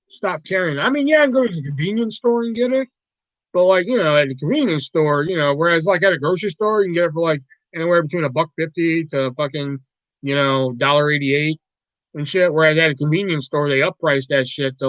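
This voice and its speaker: A man chatting on a casual livestream in a rambling way that is full of profanity and quick to get riled up. His voice sits a bit high for a man, and the sound is dry and close, with no room echo. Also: a bit bright, muffled recording. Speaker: livestream host.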